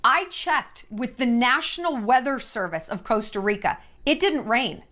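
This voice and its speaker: Brief: expressive woman storyteller, lively pitch, candid and blunt, swears. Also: unhurried. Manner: animated, acts out voices in quotes. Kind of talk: casual storytelling to camera.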